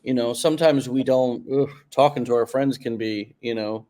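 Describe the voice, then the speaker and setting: A man's voice: mid-range voice, fairly even intonation, dark tone. A man hosting an interview podcast, talking in a casual coaching way and stretching out words for emphasis. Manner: coaching, drawn-out emphatic phrases. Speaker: podcast host.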